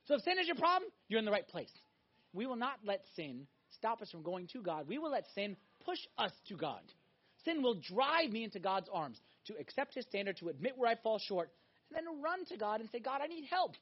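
A man preaching a sermon, emphatic and animated, swinging between loud exhortation and hushed intensity. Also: very high voice, a little fast. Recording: dull lo-fi recording.

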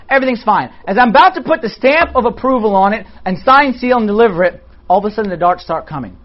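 A man's voice: high voice, lo-fi sound. A man who is a priest, giving a conversational sermon in an informal way and often checking in with his listeners. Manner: talks in an informal way, checks in with the listeners using "okay" and "all right".

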